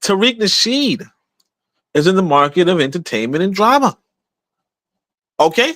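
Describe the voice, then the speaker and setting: A man's voice: sits high, big pitch swings, normal speed, fairly bright tone, no room sound. A man hosting a livestream podcast, talking in a casual, emphatic way, repeating himself and asking rhetorical questions. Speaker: podcast host.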